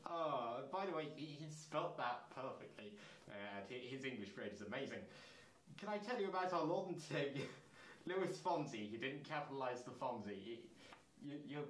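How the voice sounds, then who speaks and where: A man's voice: medium pitch, a bit bright, roomy sound, a little hiss or hum, rough recording. A man hosting his channel, reading fan fiction aloud with incredulous comments and asides. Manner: incredulous, breaks into laughter and asides.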